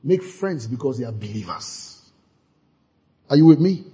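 A man preaching a sermon in church, calling out to the congregation and breaking into fervent shouts. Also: medium pitch, very animated, unhurried, breathy edge. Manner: fervent preaching with call-and-response, bursting into shouts. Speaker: pastor. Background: congregation responding.

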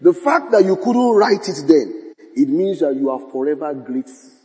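A man's voice: fairly high pitch, big pitch swings, normal speed, warm tone. Preaching man in a reverberant hall. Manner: preaching with dramatic quoted voices and laughter. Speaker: pastor. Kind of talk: sermon.

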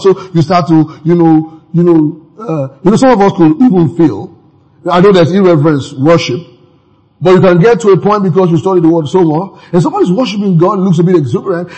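A man's voice: high-pitched, a little mellow, breathy edge, poor audio. A man preaching a sermon in a conversational way, with laughing asides and many fillers.

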